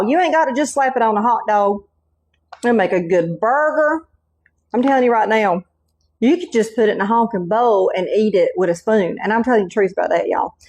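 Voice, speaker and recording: A woman's voice: a little high, a little mellow. A middle-aged woman with a Southern Carolina accent, hosting a home cooking demonstration in a folksy, chatty way. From North Carolina. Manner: folksy, chatty, keeps saying y'all and okay. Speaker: cooking channel host.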